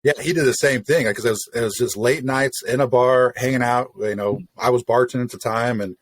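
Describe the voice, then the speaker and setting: Male host from Illinois, husky voice, loose and agreeable chat. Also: mid-range voice, a little fast, no echo. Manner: relaxed, rambling, agreeable. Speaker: podcast host. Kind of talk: casual interview chat.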